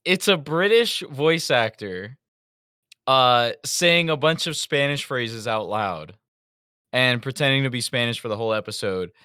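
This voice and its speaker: A man's voice: mid-range voice, lively intonation, a little slow, bright, forceful tone, clear, resonant tone, dry recording. A man co-hosting a casual review podcast, blunt and exasperated, swearing casually into a close mic. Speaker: podcast co-host.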